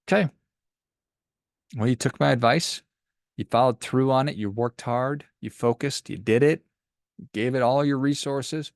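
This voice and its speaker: A man's voice: medium pitch, moderate pace, vocal fry, dry recording, studio quality. A man hosting a money podcast, giving emphatic, encouraging advice about work and telling a story. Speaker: podcast host and financial advisor. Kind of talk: motivational podcast monologue.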